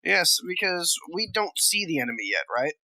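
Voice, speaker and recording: A tabletop game player speaking politely and deliberately about their moves. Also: medium pitch, very animated, sharp tone, rough recording.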